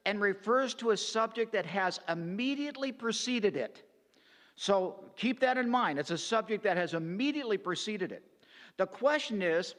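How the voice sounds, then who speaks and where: High-voiced pastor teaching in a hall. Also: male voice, animated, a bit bright. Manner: deliberate, many "uh" fillers and restarts. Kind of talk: verse-by-verse Bible teaching. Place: church sanctuary.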